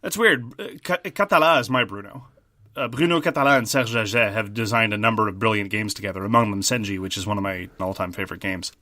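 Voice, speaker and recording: A man co-hosting a podcast, chatting casually about board games in a thoughtful, measured way with frequent restarts. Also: lowish voice, bright, forceful tone, dry recording, studio quality. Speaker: podcast co-host.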